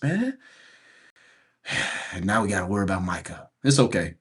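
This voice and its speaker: A podcast host delivers a casual sports rant in a husky, slangy, loose voice, his pitch swinging widely from exasperation to laughter. His intonation is lively, his speed normal, and he pauses often.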